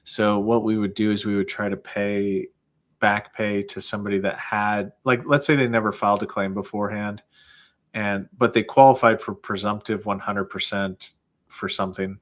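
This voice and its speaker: Male guest, lower pitch, relaxed explainer, filler-heavy delivery. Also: normal speed. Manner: explains plainly with many likes and fillers. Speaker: guest, claims processor. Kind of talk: casual explanatory chat.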